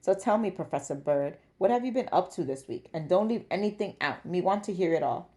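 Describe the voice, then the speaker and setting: A woman voicing a gruff but doting older father with a teasing, clipped manner. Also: on the low side, expressive, a little fast, warm tone, close to an everyday voice. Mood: warm. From Jamaica. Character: elderly Jamaican widower, gruff but doting.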